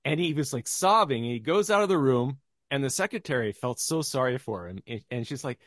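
A man with a mid-range, slightly bright voice chats as a guest on a casual podcast, talking animatedly and fairly quickly with hardly any pauses. He tells anecdotes and acts out the quoted voices. The studio sound is clean, with no echo.

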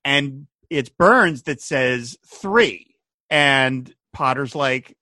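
Bright-voiced man, animated casual chat. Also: medium pitch, takes it slowly, no room sound, studio quality. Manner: animated, laughs often, quotes lines. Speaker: podcast co-host. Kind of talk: casual chat recapping a TV episode.

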